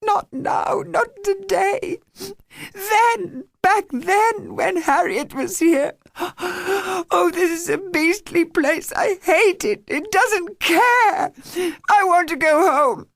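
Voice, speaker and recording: A woman's voice: expressive, slow pace, gravelly, dry recording, full character voice. A woman voicing a distraught young girl who wails and cries out frantically, read in an audiobook. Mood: wailing. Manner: high, frantic wailing.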